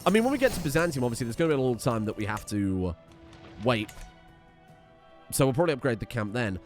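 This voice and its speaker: A young man gives casual, excitable commentary over his gameplay, thinking aloud and swearing freely. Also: medium pitch, quick pace, soft background music. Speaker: let's play host.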